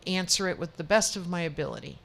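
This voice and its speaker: A woman's voice: on the low side, fast talker, gravelly, a bit bright. A woman giving a tarot reading as a show guest, chatty and reassuring, often restarting her sentences. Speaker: psychic reader.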